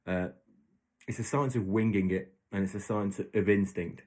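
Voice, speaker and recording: A man's voice: lowish voice, moderate pace, a little mellow. A man hosting his own podcast, talking casually and rambling through made-up examples with lots of restarts. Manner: rambling, self-correcting, storytelling with hypothetical examples. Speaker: podcast host. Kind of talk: casual solo podcast monologue.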